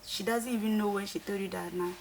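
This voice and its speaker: A woman's voice: mid-range voice, steady tone, fast, vocal fry, a little hiss or hum. A young woman in a casual conversation, earnestly retelling a falling-out with repeated quoted dialogue. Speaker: reality show contestant.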